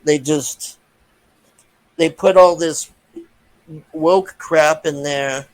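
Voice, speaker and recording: A man's voice: on the high side, steady tone, very slow, poor audio. A man giving a casual, profane, frustrated rant as a movie reviewer, with many restarts.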